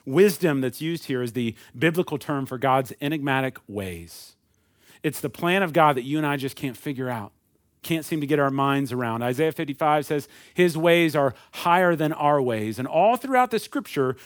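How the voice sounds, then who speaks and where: A man's voice: fairly high pitch, dry recording, studio quality. A man preaching a sermon in a conversational way, asking the congregation questions and acting out the voices of people. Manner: conversational preaching with rhetorical questions and acted asides. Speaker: pastor.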